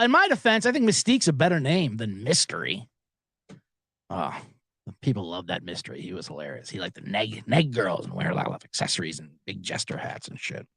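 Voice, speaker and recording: A man's voice: on the low side, creaky, fairly bright tone, no room sound. An American man hosting a solo betting podcast from a small booth, rambling in a profane, self-deprecating way. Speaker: podcast host.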